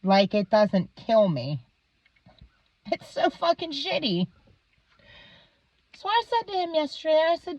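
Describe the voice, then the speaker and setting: A woman's voice: medium pitch, huge pitch swings, unhurried, pauses often, a little mellow, no room sound. A woman in her thirties, a vlogger in a heated, profane rant, swearing constantly. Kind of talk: profane ranting monologue. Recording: dull, dry lo-fi recording.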